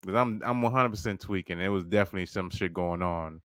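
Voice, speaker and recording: A man's voice: low-pitched, fast, fairly bright tone, no room sound, studio quality. A man hosting a podcast, telling a story casually and profanely, acting out quoted dialogue. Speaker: podcast host.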